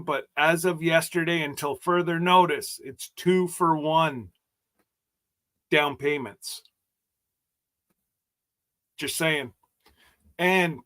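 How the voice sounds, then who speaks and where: A man's voice: a little high, a bit bright. A man hosting a casual livestream chat, rambling and joking as he stumbles over his words. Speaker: host.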